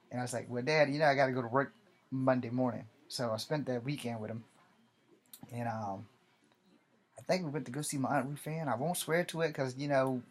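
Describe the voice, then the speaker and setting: A man in his forties, an army veteran, telling a personal story in a casual, rambling way, swearing freely and often correcting himself. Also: mid-range voice. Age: 40s.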